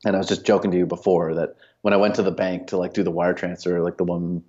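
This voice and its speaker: Low-voiced man telling a story. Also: fast talker, highs cut off. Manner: animated anecdote teller, many fillers and quoted dialogue. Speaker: podcast guest, company cofounder. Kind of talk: casual storytelling.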